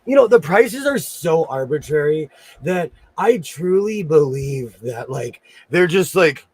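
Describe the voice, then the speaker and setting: A man's voice: on the high side, animated, unhurried, darkish tone, husky. A man hosting a casual livestream from his home sewing room, chatting and cheerfully greeting viewers by name.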